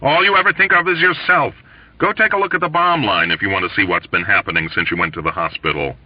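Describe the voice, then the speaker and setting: A man's voice: lowish voice, steady tone, fast, no echo, close to an everyday voice. A man voicing a whining, self-pitying male army doctor in a mournful, petulant tone. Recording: dull lo-fi dry recording.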